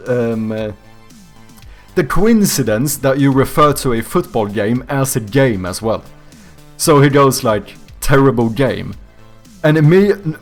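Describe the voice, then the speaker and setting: Animated, swearing male streamer chatting. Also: mid-range voice. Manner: animated, swears often, breaks into laughter; reads out and answers viewer chat. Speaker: streamer and game developer. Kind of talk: casual live-stream chat. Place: home streaming setup.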